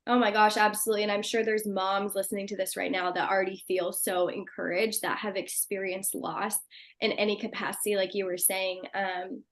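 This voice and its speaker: A young woman hosting a podcast, upbeat and quick to agree as she asks her questions. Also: mid-range voice, flat delivery. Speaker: podcast host. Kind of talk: casual interview chat.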